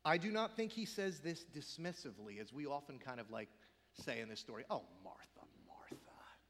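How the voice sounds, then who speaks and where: High-voiced preacher in a big echoey sanctuary. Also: male voice, fairly quick, background noise. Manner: dynamic preaching, swinging from loud emphatic peaks to hushed whispered quotes. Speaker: pastor. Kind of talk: sermon.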